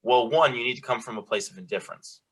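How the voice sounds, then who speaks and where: A man co-hosts a relaxed advice conversation, explaining his points earnestly and often jumping in to finish a thought. His voice is bright and forceful, with an ordinary middle pitch. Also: fast, husky. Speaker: podcast co-host. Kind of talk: casual advice chat.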